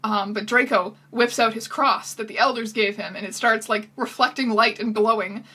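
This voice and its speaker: A woman riffs through a movie recap in sarcastic, incredulous commentary. Her voice sits bright and slightly husky, a bit higher than most, close to the mic. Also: steady tone, moderate pace. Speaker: video host. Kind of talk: comedic commentary.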